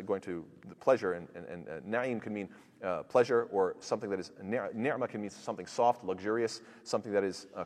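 A man with a Canadian accent teaching a Quran lesson, talking quickly and eagerly with many fillers and restarts. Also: mid-range voice, in a large hall. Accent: Canadian English. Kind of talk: explaining verses in a lesson.

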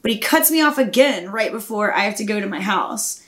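A young woman co-hosting a podcast, telling a story in a casual, profane and animated way. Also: medium pitch, brisk. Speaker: podcast co-host. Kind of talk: casual chat.

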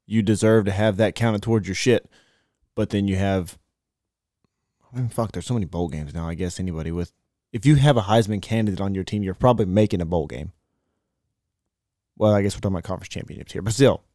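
A man's voice: low voice, fast, pauses often, dark tone, no echo, studio quality. A man co-hosting a casual sports podcast, talking in a laid-back, hedging way that trails off. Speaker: podcast co-host.

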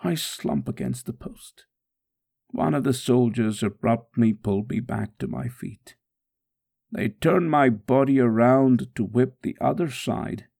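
A man's voice: medium pitch, vocal fry, mellow, breathy edge. A man reading aloud in the first person as a suffering man praying steadfastly through a scourging, in a solemn, prayerful way. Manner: solemn, prayerful, slow and measured.

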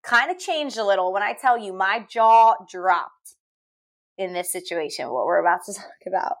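A woman's voice: mid-range voice, animated, moderate pace. A young woman co-hosting a podcast, giving earnest opinions full of "like" and "honestly" with emphatic reactions. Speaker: podcast co-host. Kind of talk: casual recap chat.

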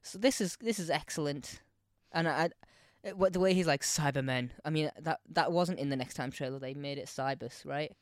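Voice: mid-range voice, dry recording. Joking podcast co-host, dry close mic. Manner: joking, quick to laugh. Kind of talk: casual chat.

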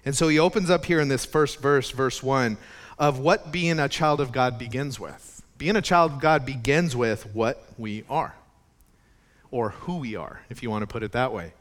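A man's voice: medium pitch, normal speed. A male pastor preaching a conversational sermon, talking casually with frequent restarts and asides.

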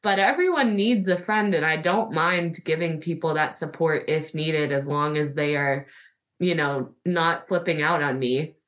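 A woman's voice: sits low, measured pace, a bit bright, far from the mic. A young adult woman hosting a podcast, telling a story in casual chat and filling it with "like" and quoted back-and-forth. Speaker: podcast host.

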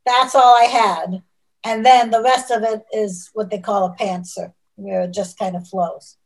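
A woman's voice: mid-range voice, fairly even intonation, unhurried, poor audio. Thoughtful woman novelist guest. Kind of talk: casual interview chat.

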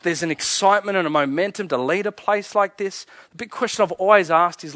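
Man, pastor, sermon, earnest, hushed passages, light chuckles, slightly high voice, dry sound. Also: brisk, hardly any pauses, no echo. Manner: earnest, dropping to soft hushed tones with frequent chuckles.

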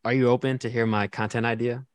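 A podcast host who asks relaxed, encouraging questions in an interview. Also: medium pitch, quick pace, no echo.

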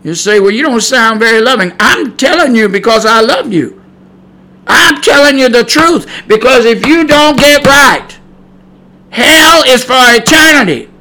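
A middle-aged man preaches to his podcast listeners in a high, bright, piercing voice. He climbs into shouted warnings, then drops back into loose, chatty asides. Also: expressive, a little slow, poor audio. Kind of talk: preaching sermon. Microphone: podcast mic.

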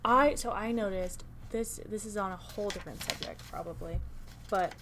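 A woman's voice: mid-range voice, normal speed. A woman with a mid-range voice chats casually on a podcast, playfully mocking the lines she reads. Faint background noise stays under her. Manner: playful, reads quotes aloud with teasing asides. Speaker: podcast co-host. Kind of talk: casual book-club chat.

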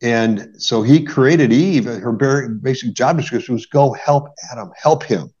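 A man's voice: mid-range voice, a little slow, darkish tone, husky. A middle-aged man, a marriage therapist, explaining conflict in an earnest conversational way, often adding "right?". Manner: earnest, explains with examples, many "right?" tags. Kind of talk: conversational podcast advice. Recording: dull lo-fi podcast audio.

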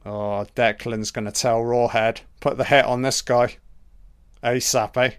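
A man giving a casual, profane running commentary on a film, reacting excitedly to each scene. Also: mid-range voice, a little slow, clear, resonant tone.

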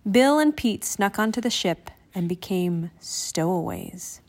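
A woman reading a children's picture book aloud in an expressive, animated way. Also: medium pitch, a little slow. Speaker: storybook reader.

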